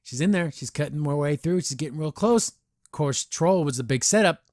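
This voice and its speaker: A man hosting a podcast, reviewing a cartoon episode in an animated, excitable way with many restarts. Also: fairly high pitch, moderate pace, no echo, clean studio sound. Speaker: podcast host. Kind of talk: casual episode review chat.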